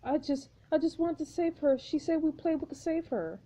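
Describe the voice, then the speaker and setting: A woman voicing a guilt-ridden young man in a story game, pleading in halting phrases. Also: sits high, mellow, voice pushed up, lightly acted.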